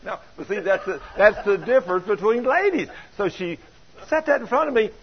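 Older guy preaching, husky and kinda high, folksy stories with chuckles, muffled lo-fi sound. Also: expressive, fairly quick. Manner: storytelling, chuckling, colloquial grammar. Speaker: pastor. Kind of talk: folksy sermon. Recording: dull lo-fi sound.

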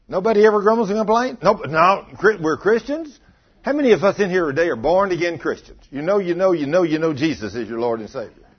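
A man's voice: medium pitch, husky. A man preaching a sermon as pastor, telling folksy stories and teasing his congregation. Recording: dull lo-fi sound.

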